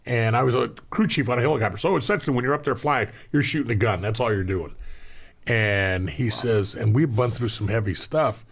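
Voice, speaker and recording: Gravelly older man telling stories. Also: medium pitch, brisk. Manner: animated storyteller, acts out the voices of people he quotes. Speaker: guest, military veteran. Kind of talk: casual storytelling on a talk show.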